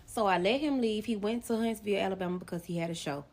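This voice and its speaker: A young woman vlogger telling a personal story straight to camera, animated and emotional, speaking directly to her viewers. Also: mid-range voice, fast talker. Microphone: phone or camera facing the speaker.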